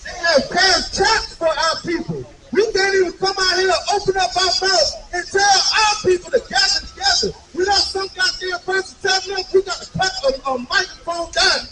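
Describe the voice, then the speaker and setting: A man preaching in the street, shouting fiercely and calling for verse readings. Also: very high voice, steady tone, normal speed, few pauses, far from the mic, over loud music, poor audio. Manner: fiery, calls for verse readings, asks "you understand?". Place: downtown street outdoors. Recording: loud crowd on an outdoor street.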